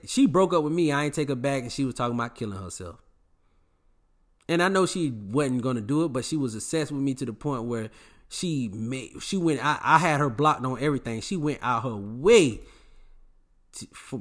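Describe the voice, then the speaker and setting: A man's voice: a little high, fairly bright tone. A man giving dating advice to the camera in an emphatic, preachy, repetitive way, full of slang. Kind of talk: casual advice monologue to camera.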